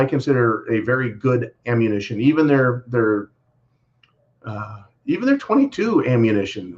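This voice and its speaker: A man hosting a casual livestream, rambling along in a folksy way, full of "uh"s and restarts. His voice sits at an ordinary middle pitch. The stream audio is dull and lo-fi. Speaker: livestream host reading super chats. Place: Texas.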